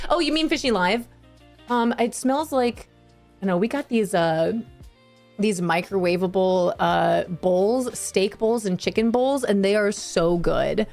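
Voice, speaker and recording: Streaming a cozy game, this woman speaks slowly in a mid-range voice that's gravelly yet a little mellow, leaving long pauses. She keeps up a giggly, bubbly live-stream chat with viewers and laughs a lot, while game music plays faintly behind her.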